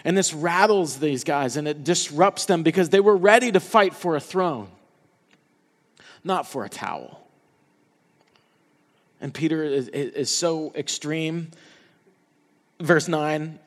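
A man's voice: a little high, lively intonation, takes it slowly, pauses often, long reverb tail. A man preaching a sermon in an earnest way, restarting and repeating words as he builds emphasis. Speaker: pastor.

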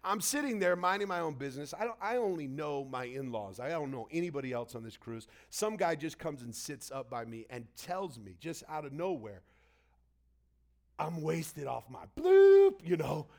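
A man's voice: a little high, animated, brisk, few pauses. A man preaching a casual, story-driven sermon, acting out the people he quotes. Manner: storytelling, conversational, acts out quotes. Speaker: pastor. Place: church hall.

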